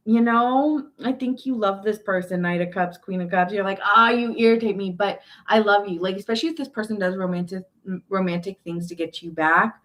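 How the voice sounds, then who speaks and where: A woman tarot reader with a mid-range, somewhat bright voice chats her way through a casual reading. Emphatic and prone to restarting and repeating herself, she grows blunt and exasperated, dropping swear words in quoted asides.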